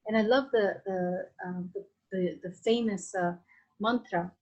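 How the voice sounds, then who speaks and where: A woman's voice: mid-range voice, fairly even intonation, unhurried, darkish tone, poor audio. A woman with a Latin American Spanish accent, a guest on a podcast interview, talking in a flowing, reflective way with many restarts and fillers. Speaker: guest, Vedic astrologer.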